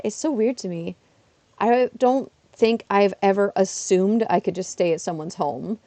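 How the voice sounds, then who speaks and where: A woman in the middle of a casual livestream, talking through her game at an ordinary pitch. Her voice is dry and close, with no room sound around it. She rambles in a chatty, self-deprecating way and keeps breaking into excited little outbursts. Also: unhurried, dry recording. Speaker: streamer. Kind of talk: casual livestream chat while gaming. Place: her apartment.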